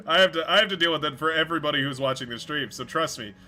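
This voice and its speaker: Male streamer, bright and forceful tone, rambling casual delivery with restarts, faint music underneath. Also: a little high. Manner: rambling, stumbles over words, swears casually. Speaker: game streamer. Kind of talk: casual live-stream commentary.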